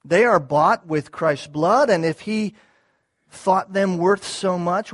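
A man with a high voice preaching a sermon. He talks earnestly and repeats key words for weight. He restarts small phrases as he explains. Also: takes it slowly. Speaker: pastor.

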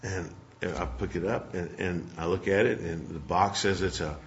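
A man's voice: sits low, fairly even intonation, moderate pace, a little hiss or hum. A man preaching a sermon, telling a folksy personal story and closing in prayer. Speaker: pastor. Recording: dull lo-fi sermon recording.

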